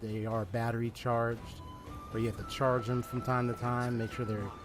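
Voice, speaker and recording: A male gaming creator narrates his playthrough in an easygoing, chatty way. He leans on slang and laughs often. His voice sits at an ordinary pitch, with clear game music playing behind it. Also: flat delivery, normal speed. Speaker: gaming YouTuber. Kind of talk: casual let's-play commentary.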